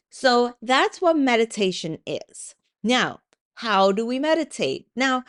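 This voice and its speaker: Lively, casual woman podcast host. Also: medium pitch. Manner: lively storytelling with swearing and voiced asides; conversational, with frequent likes and ums. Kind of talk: casual solo podcast talk.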